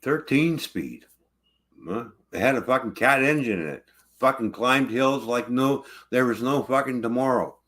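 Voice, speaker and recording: A man's voice: medium pitch, animated, normal speed, fairly bright tone. A truck driver ranting angrily about his truck, swearing constantly in casual livestream talk.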